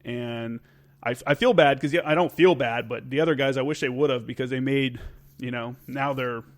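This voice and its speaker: A man's voice: medium pitch, steady tone, normal speed. A man from Tennessee, a podcast guest and Marine instructor, telling stories in casual chat, swearing freely and using many fillers. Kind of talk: casual storytelling.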